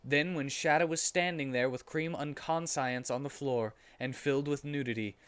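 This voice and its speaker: A man who streams, giving a deadpan, comedic dramatic reading of a story in a storybook narrating voice. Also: mid-range voice, moderate pace, clear, resonant tone.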